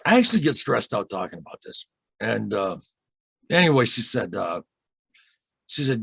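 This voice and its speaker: A man being interviewed as a guest on a podcast, telling an unsettling personal story in an earnest, halting way, often repeating himself and getting emotional. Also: mid-range voice, very animated, vocal fry, pushed and bright, breathy edge, no room sound. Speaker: podcast guest, UFO experiencer.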